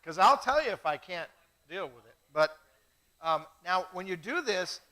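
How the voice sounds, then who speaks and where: A middle-aged man hosting a live wine tasting, chatty and self-mocking, telling animated stories. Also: sits high, moderate pace, poor audio. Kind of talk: casual live-stream chat.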